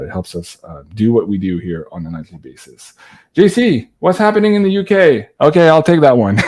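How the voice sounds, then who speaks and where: A man's voice: lowish voice, warm tone. A man hosting a live stream, chatting casually with many fillers and frequent laughs. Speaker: host.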